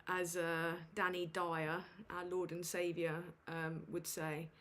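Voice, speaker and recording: A livestream host with a fairly low, fairly bright voice speaks slowly and in a monotone, with a little hiss or hum on her USB desk mic. Broadcasting casually from home, she sounds flustered and self-mocking, full of fillers and casual cursing.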